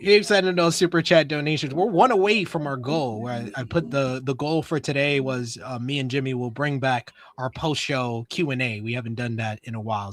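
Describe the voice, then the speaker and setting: A man co-hosting a wrestling review show, recapping episodes in casual chat with quick delivery and frequent laughter. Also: mid-range voice, a bit bright.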